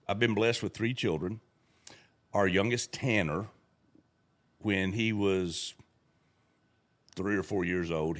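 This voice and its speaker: Middle-aged man, folksy storyteller, lively pitch swings, acts out voices. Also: vocal fry. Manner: acts out voices in his stories. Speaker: guest storyteller. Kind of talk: casual storytelling.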